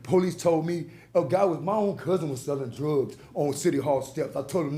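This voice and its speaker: A man's voice: a little high, normal speed, mellow. Impassioned man, preacher-like cadence. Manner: emotional, preacher-like cadence with rhetorical questions. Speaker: public commenter. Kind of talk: impassioned public comment. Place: large council chamber. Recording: echoey council chamber.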